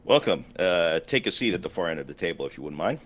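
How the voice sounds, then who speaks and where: A man's voice: sits low, expressive, fast talker, a bit bright. A man role-playing a ship captain in a tabletop game, giving orders in a hesitant way with lots of fillers. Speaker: player acting as ship captain. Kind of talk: in-character role-play.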